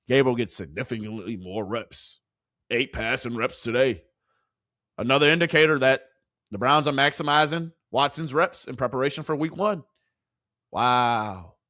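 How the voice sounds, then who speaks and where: A man's voice: fairly high pitch, fairly bright tone, no echo, studio quality. A man ranting to his live chat as a sports commentator, repeating rhetorical questions in exasperation.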